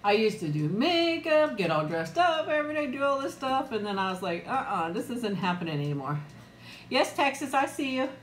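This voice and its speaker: A woman's voice: fairly high pitch, sing-song, fairly quick, slight background noise. Woman, middle-aged, chatty, greets viewers by name, laughs easily, roomy home sound. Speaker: live-stream eating vlogger. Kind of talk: casual live-chat eating stream. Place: room at home. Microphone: new external mic, close.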